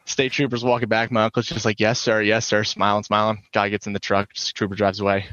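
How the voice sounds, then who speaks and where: Low-voiced man telling a profane story. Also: fairly even intonation, fast talker, no room sound, muffled recording. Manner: profane, does loud voices for quoted people. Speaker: podcast co-host. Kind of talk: casual storytelling.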